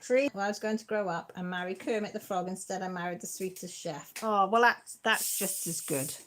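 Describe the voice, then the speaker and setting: A playful woman from Britain runs a relaxed live chat from her home. She reads out viewer comments and reacts to them with easy excitement. Her voice sits at a middle pitch. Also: a little fast, slight background noise. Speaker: livestream host.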